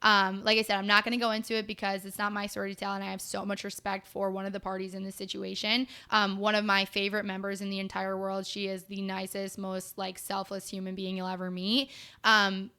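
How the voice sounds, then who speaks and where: A young woman in her twenties, a podcast guest telling her story in casual chat, blunt and animated, with lots of fillers. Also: mid-range voice, a little fast, smooth.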